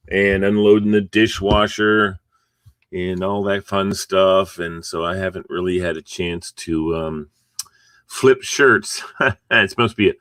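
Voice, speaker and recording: Fairly low in pitch with a fairly bright tone, this middle-aged man's voice comes through studio-clean with no echo. He's the sleepy host of a morning encouragement livestream at home, freshly awake, chatting and rambling while yawning and chuckling on the side.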